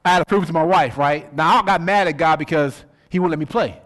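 A man's voice: fairly high pitch, fast talker. A middle-aged man preaching a sermon, telling stories and asking rhetorical questions. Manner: animated storytelling, rhetorical questions. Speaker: pastor.

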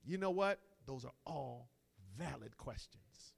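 A middle-aged man preaching a sermon in a conversational way, moving between quiet asides and loud, emphatic lines. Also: medium pitch, expressive, slow, creaky, husky. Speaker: pastor.

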